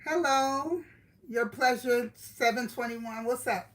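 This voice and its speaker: A woman's voice: fairly high pitch, slow, fairly bright tone, low-quality recording. A middle-aged woman from Brooklyn with a New York accent, chatting casually with live-stream viewers, greeting them by name and laughing often.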